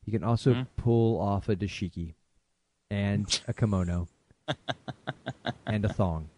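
A man's voice: fairly low pitch, measured pace, a little mellow, no room sound. Joking male podcast co-host, dry sound. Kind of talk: casual podcast chat.

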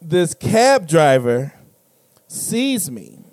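A young man spins a story in relaxed chat, laughing and acting out each voice. His pitch is a bit high and swings widely. The sound is close and dry. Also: very slow, dry recording. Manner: animated storyteller, laughs often, acts out quotes.

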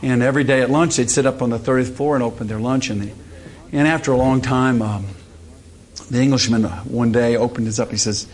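A man's voice: mid-range voice, fairly even intonation, a little fast, slight background noise. Folksy preacher man. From Louisiana, US. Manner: folksy storytelling with fillers. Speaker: conference speaker. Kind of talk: humorous sermon talk.

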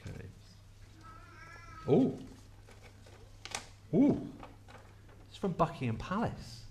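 A man preaching a lively sermon at a carol service, chatty and playful as he talks straight to the congregation. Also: high voice, very slow, noisy background. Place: church.

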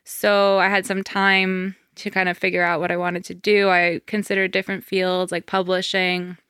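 A woman talks through her career as a podcast guest. Her voice is bright and very crisp, slightly low, and the room sounds dry. She rambles casually, with plenty of "um" and "like" fillers. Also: flat delivery, moderate pace, no room sound. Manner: chatty, many fillers like um and like. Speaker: podcast guest, wedding planner. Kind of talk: casual interview.

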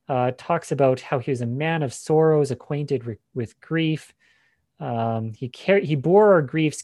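A man's voice: fairly high pitch, unhurried, darkish tone, dry recording, studio quality. A man giving a Bible lesson, explaining passages with frequent fillers and restarts. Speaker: Bible teacher. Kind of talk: teaching session on scripture.

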